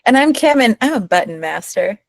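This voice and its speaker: A woman's voice: fairly high pitch, very animated, brisk, gravelly, dry recording. A woman from Chicago co-hosting a podcast in casual chat, enthusiastic and full of fillers. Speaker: podcast co-host.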